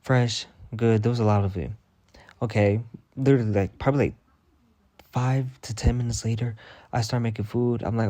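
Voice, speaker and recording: A man's voice: mid-range voice, fairly quick, no echo. A young man telling stories in a casual vlog rant, profane and dramatic. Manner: profane, dramatic, animated retelling. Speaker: vlogger.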